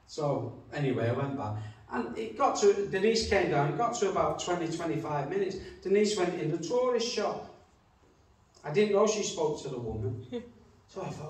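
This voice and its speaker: A man's voice: a little high, animated, normal speed. A middle-aged man, preaching a sermon in a chatty storytelling way and acting out the quotes he tells. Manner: chatty anecdotes with acted-out quotes. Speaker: pastor. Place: church hall. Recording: echoey church hall from far off.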